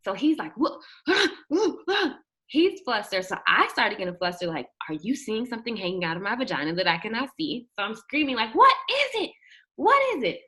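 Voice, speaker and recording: A young woman telling a personal story in an animated way, acting out the quotes and shrieking at the high points. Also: moderate pace. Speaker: guest telling her birth story.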